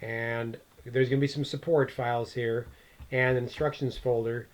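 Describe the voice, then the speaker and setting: A man teaching a computer class, thinking aloud as he clicks through each step of a screen-recorded software lesson. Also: mid-range voice, fairly even intonation, normal speed, poor audio.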